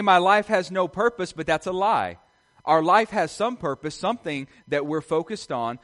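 A man's voice: a little high, fairly bright tone. Earnest man preaching a sermon. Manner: earnest, repetitive preaching with frequent rhetorical questions. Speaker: pastor.

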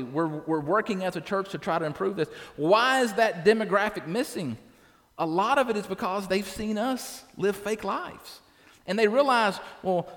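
High-voiced preaching pastor, reverberant hall. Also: male voice, fairly bright tone. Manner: conversational, tags lines with "right?". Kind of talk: sermon. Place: church.

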